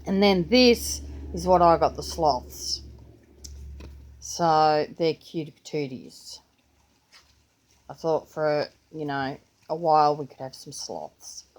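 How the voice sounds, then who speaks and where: Older aussie lady vlogging, slow rambly chat, lowish voice. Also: lively intonation. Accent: Australian. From Australia. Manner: chatty, rambling, yawning. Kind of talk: casual chat.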